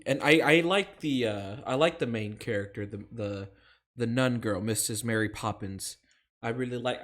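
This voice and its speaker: A man co-hosting a podcast, chatting casually in a halting, rambling way with frequent giggles. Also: medium pitch, a bit bright. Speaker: podcast co-host. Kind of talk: casual chat.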